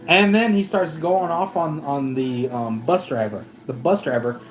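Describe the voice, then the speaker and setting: Over poor audio, a man from the United States with a fairly high voice tells a story a little slowly in his casual vlog. He wanders off track, keeps correcting himself, and starts over again and again.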